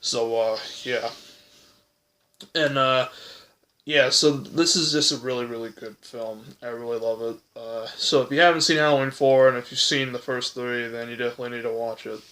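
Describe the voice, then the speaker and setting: A man's voice: medium pitch, steady tone, normal speed, fairly bright tone. A young man casually ranking horror films, rambling with lots of fillers and self-corrections, voice cracking from hiccups. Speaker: movie reviewer.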